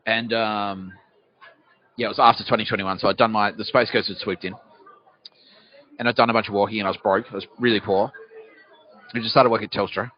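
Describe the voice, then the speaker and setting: A man's voice: on the low side, fairly even intonation, a little fast, pauses often. An Australian man hosting a podcast, rambling through a comic monologue outdoors on a city street, swearing freely and answering his own questions. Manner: swearing, asks himself questions and answers them. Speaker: podcast host. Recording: dull lo-fi recording.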